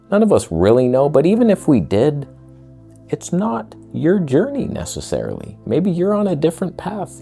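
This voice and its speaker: Sarcastic low-voiced man ranting to camera. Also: warm tone. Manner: sarcastic, crude, jumps into mocking put-on voices. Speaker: vlogger. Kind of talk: casual rant to camera.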